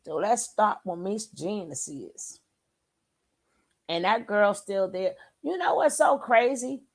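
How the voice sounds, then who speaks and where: A woman's voice: mid-range voice, lively intonation, takes it slowly. A woman hosting a casual reaction commentary, chatty and scoffing, full of rhetorical questions. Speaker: commentary channel host.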